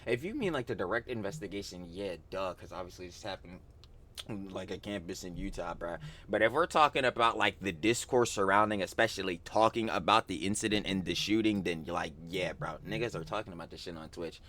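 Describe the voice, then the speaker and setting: A man's voice: sits low, brisk. A man reacting to a video in casual, profane, slang-heavy banter. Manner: profane slangy banter, bursts into loud laughing rants. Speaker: reaction streamer.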